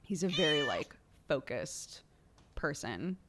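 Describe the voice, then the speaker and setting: A young woman with a slightly low voice hosts a livestream in a loose, chatty way. She fills her sentences with "like" and keeps laughing between thoughts. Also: sing-song, slow pace, heavy background noise. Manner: chatty, laughs often, heavy use of "like". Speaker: livestream host. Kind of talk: casual chat.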